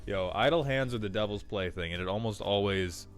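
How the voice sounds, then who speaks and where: Man, streamer, casual live chat, upbeat, deepish voice, faint music behind. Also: fairly quick. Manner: upbeat, greets chat viewers by name.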